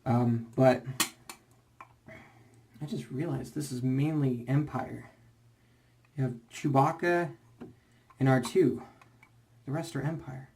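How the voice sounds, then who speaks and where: A man's voice: mid-range voice, slow, long pauses, a little mellow, slight background noise. A young man rambling casually in a shaving vlog, full of fillers and restarts, slightly out of breath. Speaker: shaving vlogger.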